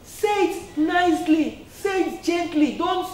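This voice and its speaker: A woman's voice: sits high, sing-song, slow pace. A woman preacher giving an earnest sermon, peppered with "amen" and "praise the Lord". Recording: echoey room, distant mic.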